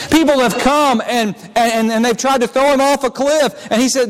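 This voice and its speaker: A male pastor delivers a dramatic sermon, stepping into the scenes he describes as he goes. His voice sits very high for a man. The sound carries the long reverb of a large church hall. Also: fairly even intonation, brisk, hardly any pauses, a little hiss or hum. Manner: dramatic preaching, acts out scenes. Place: church sanctuary.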